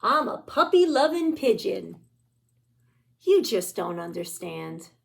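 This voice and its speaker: A woman's voice: medium pitch, big pitch swings, slow, vocal fry, pitched below the performer's own voice, exaggerated voice. A woman voicing a pushy male pigeon from a picture book, wheedling and dramatic as he begs. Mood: sulky. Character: pushy pleading male pigeon, storybook bird.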